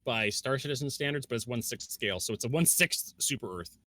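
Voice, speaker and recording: A man's voice: medium pitch, fast talker, background noise. A man who streams games, joking and chatting as a podcast guest. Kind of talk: casual gaming podcast chat.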